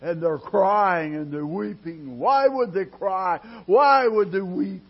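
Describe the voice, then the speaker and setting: A man preaching a sermon in a dramatic style, dropping to a hush and then rising loud, drawing his words out slowly. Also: high voice, husky. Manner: dramatic preaching with sudden loud rises and quiet drops; slow, drawn-out delivery. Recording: dull lo-fi sermon recording.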